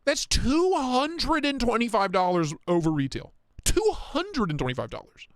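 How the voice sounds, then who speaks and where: A man hosting a casual live stream, talking in excitable, profane, rambling rants. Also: high-pitched, moderate pace, no room sound, studio quality. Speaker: livestream host.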